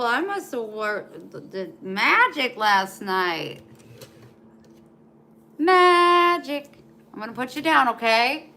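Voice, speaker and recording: A woman's voice: on the high side, pushed and bright, slight background noise. A woman chatting casually on a live stream at home, talking to viewers and cooing to her dog in baby talk. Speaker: vlogger.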